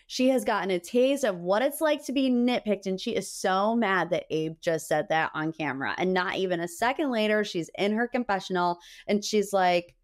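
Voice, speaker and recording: Chatty woman podcast host, gossipy. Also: medium pitch. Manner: chatty, animated, gossipy asides. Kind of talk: casual pop-culture recap.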